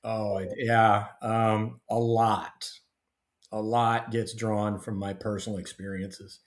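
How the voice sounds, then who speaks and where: A middle-aged man, a guest author and retired army officer, telling stories in a lively, casual way. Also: on the low side, takes it slowly. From United States. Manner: animated storyteller, acts out dialogue. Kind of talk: casual storytelling interview. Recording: roomy echo.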